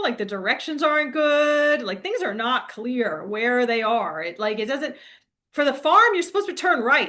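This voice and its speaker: Bright high-voiced chatty woman. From New Jersey. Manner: rambling, filler-heavy, laughs often. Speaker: spiritual coach. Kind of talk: casual storytelling monologue.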